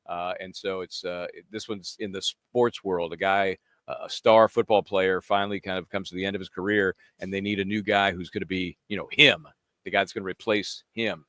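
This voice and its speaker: A talkative man co-hosting a live trial show, chatting loosely and drifting onto tangents. His voice is on the low side with a bright, forceful edge. The sound is close and dry, with no room around it. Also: steady tone, brisk, no room sound. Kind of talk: casual chat.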